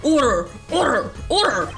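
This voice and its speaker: A woman voicing a fussy, bewildered older male judge who speaks slowly and sternly. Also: a little high, very animated, music in the background.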